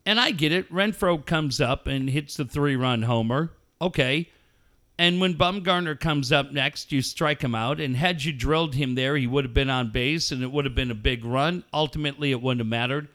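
A man's voice: medium pitch, normal speed, fairly bright tone. A man hosting sports talk radio, ranting angrily and swearing as he mocks a team. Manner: angry, swearing, mocking.

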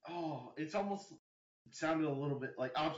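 A man's voice: on the high side, normal speed. Laughing man hosting in an echoey room. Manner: joking, bursts into laughter. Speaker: podcast host. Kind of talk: casual online chat. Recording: dull lo-fi audio in an echoey room.

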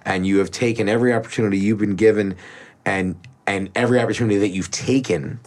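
A man co-hosting a casual chat, animated, rambling and swearing freely. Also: fairly low pitch, quick pace.

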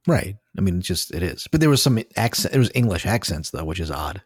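Low husky rambling man. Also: sing-song, fast talker, no echo, studio quality. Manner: rambling, hesitant. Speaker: podcast co-host. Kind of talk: casual chat.

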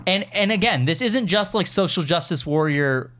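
A man co-hosting a casual chat show, excitable and animated, talking fast with many restarts. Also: high voice, noisy background. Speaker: podcast co-host.

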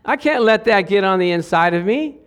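A middle-aged male pastor preaching a lively sermon, acting out quotes in different voices and laughing along the way. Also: high voice, a little fast, clean tone.

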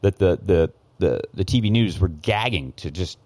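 Guest: very low male voice, dry close sound, swears a lot and stops and restarts as he tells a story. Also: animated, a little mellow, no echo. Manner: profane, heated, halting with many restarts. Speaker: guest, former news cameraman. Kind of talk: casual podcast storytelling.

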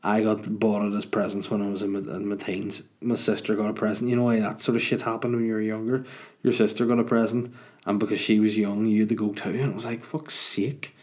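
A man's voice: lowish voice, little pitch movement, fast talker, darkish tone. A man hosting a casual solo podcast, rambling through jokes with plenty of swearing. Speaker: podcast host and stand-up comedian.

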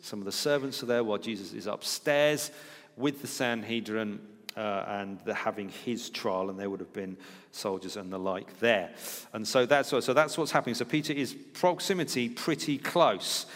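A man's voice: on the low side, moderate pace, a bit bright. Man preaching in a reverberant hall. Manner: conversational teaching, acts out quoted lines. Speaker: pastor. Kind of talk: sermon.

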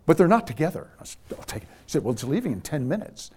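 A man's voice: fairly high pitch, fast, slightly rough. Middle-aged man telling a story. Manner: animated anecdote teller, voices quoted people. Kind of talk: casual storytelling.

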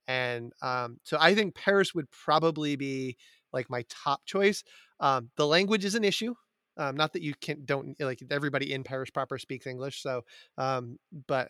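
Bright-voiced chatty man. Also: mid-range voice, clean tone, dry recording, clean studio sound. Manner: chatty, laughs often, many fillers. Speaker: podcast host, teacher. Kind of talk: casual chat.

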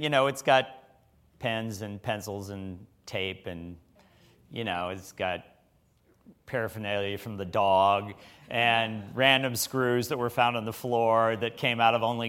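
A man's voice: medium pitch, unhurried, clean tone. Folksy man preaching a sermon. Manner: folksy, conversational, animated storytelling.

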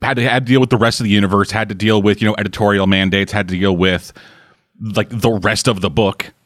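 A man's voice: fairly low pitch, steady tone, fast, fairly bright tone, dry recording, studio quality. A man hosting a comic book podcast, chatting loosely with co-hosts and swearing casually. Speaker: podcast host. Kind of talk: casual chat.

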